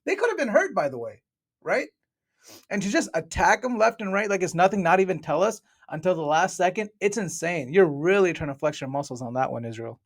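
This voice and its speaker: A man's voice: high-pitched, lively intonation, brisk. A man on a podcast panel speaking bluntly with slang and mocking asides. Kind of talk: heated podcast discussion.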